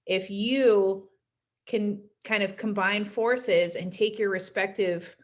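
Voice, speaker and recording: A woman's voice: medium pitch, fairly even intonation, takes it slowly. A woman teaching a class in a casual recorded lecture, chatty and often adding "right?" to check in with her students. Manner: chatty, frequent "right?" tags.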